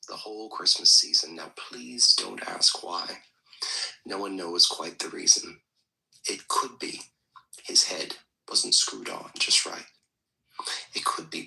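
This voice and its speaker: Slow, gravelly-voiced man reading aloud. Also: lowish voice, bright, forceful tone, rough recording. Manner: halting, with slow starts and a whispery delivery.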